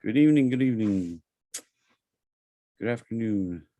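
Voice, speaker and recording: A man with a Southern accent hosting a live trading webinar, talking in a relaxed, chatty way with plenty of fillers. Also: on the low side, normal speed, no echo, muffled recording. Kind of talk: casual live webinar presentation.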